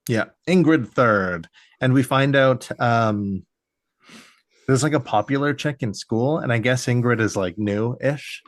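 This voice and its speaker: A man's voice: medium pitch, unhurried, dry recording, clean studio sound. A man co-hosting a podcast in casual chat, rambling with many fillers and restarts. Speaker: podcast co-host.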